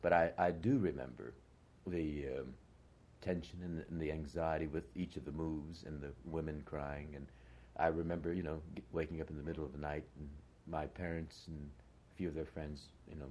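A man's voice: rumbling low, little pitch movement, moderate pace, a little mellow, slight background noise. An older American man, an actor, recalling his past in a conversational interview, reflective and full of hesitations. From United States. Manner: reflective, hesitant with many fillers.

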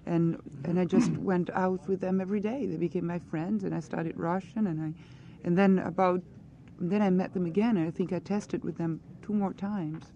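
A woman's voice: on the low side, fairly even intonation, normal speed, mellow, lo-fi sound, a little hiss or hum. A woman answering questions as an actress in a press interview, earnest and searching for her words.

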